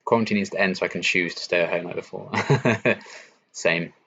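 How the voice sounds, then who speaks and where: A young man from England hosts a relaxed late-night stream Q&A, reading chat messages and answering them. His voice sits deep and low, and his chatty delivery is full of ums and likes. The audio is a little dull, like a lo-fi home stream. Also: normal speed, slightly rough. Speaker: YouTube reaction channel host.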